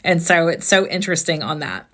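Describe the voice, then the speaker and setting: Earnest woman host with a lowish voice. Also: lively intonation, fairly quick, a bit bright. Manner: earnest, conversational, asks reflective questions. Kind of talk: live-stream talk.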